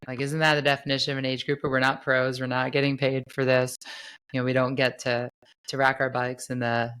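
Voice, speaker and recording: Hoarse, gravelly woman podcast host. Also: very deep voice, fairly bright tone. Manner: chatty, rambling, laughs easily. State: hoarse from a lost voice. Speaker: podcast host and triathlon coach. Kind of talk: casual podcast chat.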